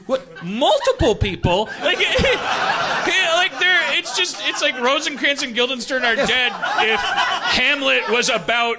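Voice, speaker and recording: High-voiced man telling a rambling story. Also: sing-song, takes it slowly, heavy background noise. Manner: rambling, laughing as he tells. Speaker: podcast host. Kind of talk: comedic storytelling chat. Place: stage before a live audience. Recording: live show with audience.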